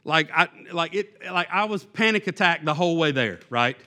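A man's voice: on the high side, expressive, moderate pace, bright, forceful tone. A man who is a youth pastor, giving a sermon in a conversational, self-deprecating way, with many fillers and restarts.

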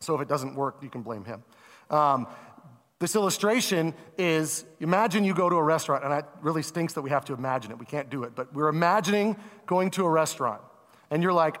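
Male pastor preaching a conversational sermon, high voice, long hall reverb. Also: fast. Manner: conversational, animated, asks the congregation questions.

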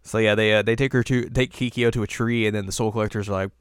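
A man's voice: lowish voice, fast talker, clear, resonant tone, no room sound, studio quality. Laid-back man recapping with a chuckle. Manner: laughs often, animated retelling with voices. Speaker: co-host. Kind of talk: casual episode recap.

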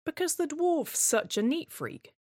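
A woman voicing her calm, easygoing male partner, mild and reasonable. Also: sits high, unhurried, dry recording, clean studio sound, pitched above the performer's own voice, exaggerated voice.

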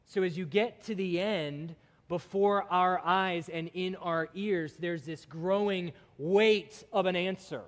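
Guy giving a sermon, bit high pitched, really punches his lists, big reverby church. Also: takes it slowly. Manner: emphatic, building in intensity through lists. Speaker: preacher. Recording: long hall reverb.

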